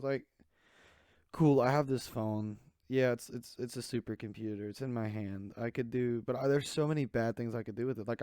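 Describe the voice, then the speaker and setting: A man's voice: mid-range voice, dark tone, smooth, no room sound, studio quality. A young man hosting a podcast alone, rambling casually with lots of "like" fillers. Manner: rambling, loose, full of "like" fillers. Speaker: podcast host. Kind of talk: casual solo podcast chat.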